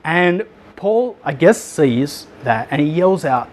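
A fairly high-voiced man gives a relaxed, conversational sermon. He tells the story in an animated way and leans on lots of filler words. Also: slow. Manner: chatty, animated retelling with laughs and filler words. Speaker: pastor.

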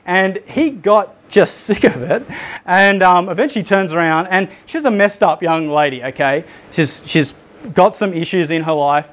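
A fairly high-voiced man gives a relaxed, conversational sermon. He tells the story in an animated way and leans on lots of filler words. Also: moderate pace. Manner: chatty, animated retelling with laughs and filler words. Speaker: pastor.

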